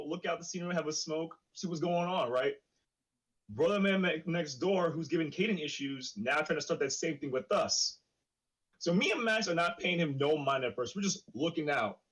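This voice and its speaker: A man with a slightly husky, fairly high voice tells a tour story on a casual podcast. He acts out everyone's lines and laughs through them. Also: rough recording. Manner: animated storyteller acting out quotes, laughing often. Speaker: podcast co-host, band member.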